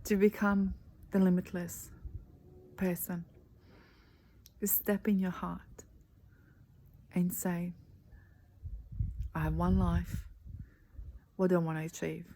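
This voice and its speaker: Dark-voiced woman coaching softly. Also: fairly low pitch, flat delivery, rough recording. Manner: earnest, slow and emphatic, often dropping to a breathy near-whisper. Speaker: life coach. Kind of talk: motivational talk. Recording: faint background noise.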